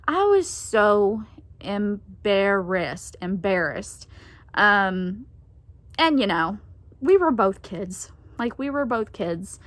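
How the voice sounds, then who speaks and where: A woman's voice: mid-range voice, expressive, slow, fairly bright tone, no room sound. A young woman telling a story from her teens in a casual, chatty way, laughing often and acting out the voices she quotes. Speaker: vlogger.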